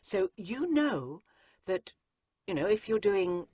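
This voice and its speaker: Animated woman with a dry, close sound. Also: mid-range voice, slow pace, slightly rough, no room sound. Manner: animated, slips into playful character voices to make a point. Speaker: narrator and acting coach. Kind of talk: interview on a podcast.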